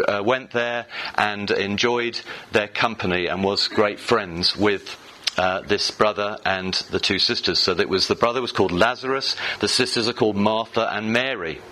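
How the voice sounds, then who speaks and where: A man's voice: fairly low pitch, steady tone, moderate pace, pushed and bright, poor audio. A man preaching a sermon in church, reading scripture and talking to the congregation in a loose, conversational way with fillers and restarts.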